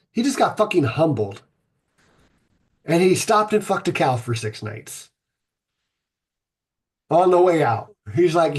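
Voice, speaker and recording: A man hosting a podcast, retelling an ancient myth in a rambling, irreverent way, swearing and filling pauses with ums. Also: sits high, slightly rough. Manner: rambling, irreverent, profane, many fillers. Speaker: podcast host.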